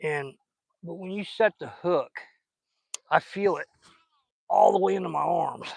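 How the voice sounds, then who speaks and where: A man's voice: fairly high pitch, unhurried, gravelly, husky, no echo. A man, chatting folksy and casual while fishing outdoors on a riverbank and recording on a phone, sweet-talking the fish he catches. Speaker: fishing vlogger.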